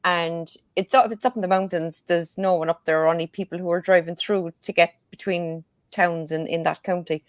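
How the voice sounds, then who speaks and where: Her voice sits on the low side, steady and at a moderate pace with few pauses, and there's no room sound. This Cork-accented Irish woman is a guest tarot reader in casual chat, a talkative storyteller who laughs a lot.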